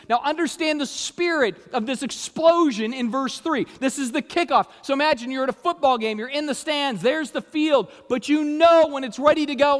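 A high-pitched male pastor preaching with bursts of energy and casual asides. His voice carries a long hall reverb around it. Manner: energetic, conversational, jokey asides. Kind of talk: sermon.

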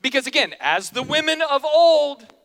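A man's voice: very high-pitched, very animated, moderate pace, a bit bright. A man preaching a sermon in a casual, joking way, slipping into quoted voices, in a church hall. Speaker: pastor. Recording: long hall reverb.

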